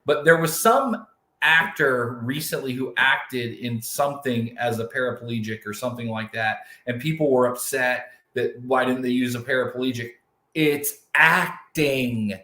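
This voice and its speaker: A man's voice: mid-range voice, measured pace, sharp tone. A man from the United States co-hosting a podcast, chatting casually with frequent restarts. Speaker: co-host. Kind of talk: podcast conversation. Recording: echoey room.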